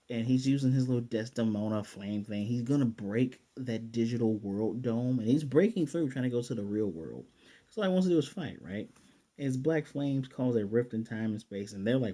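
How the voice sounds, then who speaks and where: A man's voice: medium pitch, normal speed, warm tone. A man recapping and reviewing an anime episode in a casual, rambling way, often mocking what he describes. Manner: sarcastic, mocking, rambling with restarts.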